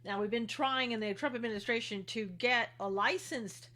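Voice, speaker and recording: A woman's voice: on the high side, moderate pace, fairly bright tone. A woman hosting a casual political commentary livestream, chatting and greeting viewers by name as she goes. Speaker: livestream host.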